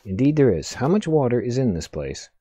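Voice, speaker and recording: A man giving let's play commentary, excitable, swearing often and talking back to the game. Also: medium pitch, fairly quick, husky, no echo. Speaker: gaming video host.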